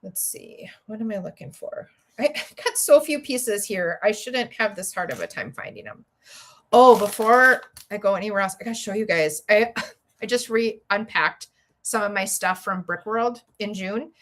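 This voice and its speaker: A woman's voice: medium pitch, normal speed, a bit bright, slight background noise. A middle-aged woman with a Minnesota accent, hosting a livestream from home and chatting with viewers in a rambling way, often laughing. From Minnesota, USA. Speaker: livestream host and educator. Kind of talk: casual livestream chat while building.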